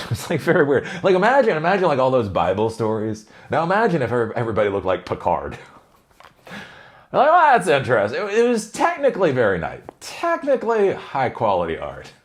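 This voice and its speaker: A man's voice: mid-range voice, wildly swooping pitch, brisk, slight background noise. A middle-aged man hosting a show, talking casually in his office, digressing often, laughing and swearing as he goes. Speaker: host. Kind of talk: casual rambling monologue.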